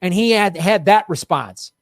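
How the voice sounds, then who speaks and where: A man's voice: high voice, expressive, moderate pace, no echo, clean studio sound. A middle-aged man hosting a casual political commentary show, heated and sarcastic, swearing freely.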